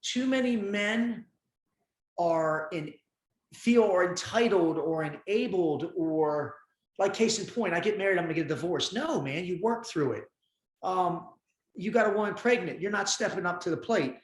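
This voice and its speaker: A man's voice: high-pitched, lively intonation, moderate pace, roomy sound. A man in his fifties speaking as a podcast guest, blunt and emphatic, giving tough-love talk in casual conversation. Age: 50s.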